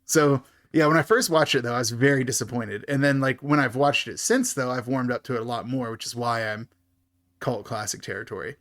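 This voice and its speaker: A man's voice: mid-range voice, brisk, a bit bright. Giggly man chatting about movies. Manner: laughs often, fillers like "like". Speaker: podcast co-host. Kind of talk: casual movie review chat.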